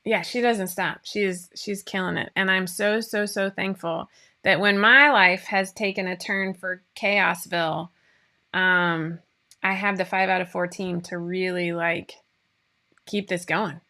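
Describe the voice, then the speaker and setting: With a fairly low, bright voice and a forceful tone, a woman hosts a sewing pattern company's casual live stream. She is unhurried and fairly even in intonation, yet bubbly and rambling, with plenty of fillers.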